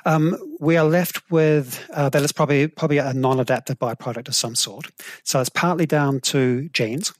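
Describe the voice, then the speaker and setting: A middle-aged man with a New Zealand accent, a professor calmly explaining evolutionary ideas in an interview, thoughtful and measured. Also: mid-range voice, dry recording. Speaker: guest, evolutionary psychology professor.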